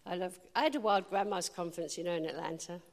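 A woman's voice: on the low side, fast talker, gravelly. A woman preaching an informal sermon, chatty and humorous, with emphatic declarations. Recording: hall reverb.

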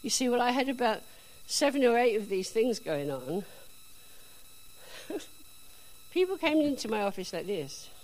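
A woman telling a personal faith testimony in a chatty, animated storytelling way. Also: fairly high pitch, a little slow, long pauses, low-quality recording. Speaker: speaker giving a testimony.

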